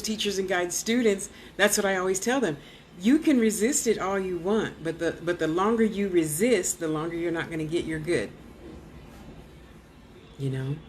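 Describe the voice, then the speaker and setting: A spiritual teacher who vlogs recounts her testimony in a low-leaning voice, with a slight hiss or hum in the background. Her storytelling is chatty and animated, featuring acted-out quotes, sudden whispers, and plenty of "you know."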